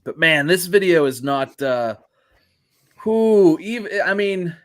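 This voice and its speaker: A man co-hosting a podcast in relaxed, joking chat. His voice sits a little high and swings widely in pitch. He laughs often and keeps the banter going. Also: slow pace. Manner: jokey, laughs often, chatty. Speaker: podcast co-host. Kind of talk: casual chat.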